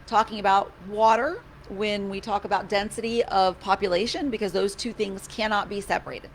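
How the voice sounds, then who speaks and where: Holding office hours in her office, a female county commissioner talks in a chatty, animated, casual way, often beginning sentences again and slipping in a bit of sarcasm. She speaks at medium pitch and moderate pace, with faint noise humming below.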